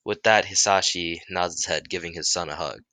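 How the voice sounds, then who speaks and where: A man narrating an improvised fan-fiction story, halting and restarting often as he makes it up. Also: deep voice, pushed and bright, no room sound. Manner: halting, many restarts, making it up as he goes.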